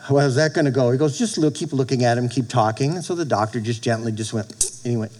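A middle-aged man, a pastor, preaching a sermon in an animated way, often laughing and acting out little quotes. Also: medium pitch, quick pace, slight background noise.

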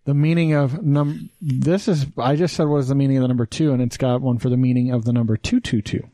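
A man's voice: mid-range voice, steady tone, quick pace, warm tone, no room sound. A man with a Utah accent co-hosting a podcast, chatting casually, cracking jokes and swearing freely. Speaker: podcast co-host. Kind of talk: casual chat.

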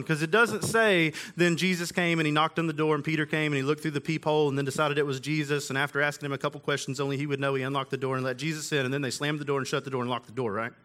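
A man's voice: a little high, a bit bright. A man preaching a sermon in a casual, conversational way, with everyday slang. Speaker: pastor.

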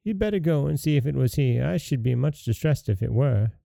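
Brief: man reading a guileless young storybook hero, earnest, gravelly low-key voice, dry close sound. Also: animated, a little fast, warm tone, no echo. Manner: earnest, plain-spoken. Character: naive fearless young man, simple-hearted.

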